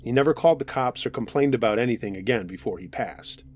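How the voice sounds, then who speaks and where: A man narrating a true scary story in a calm, steady reading voice. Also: mid-range voice, fast talker. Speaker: narrator reading listener stories. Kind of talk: scripted horror story narration.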